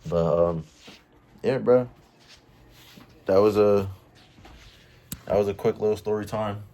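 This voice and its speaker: This storytime vlogger is a young man whose voice is on the low side and dark in tone, with a slow pace. He tells his story casually and slangily, saying "bro" and "I was like" over and over. Faint room noise is audible on the somewhat distant mic.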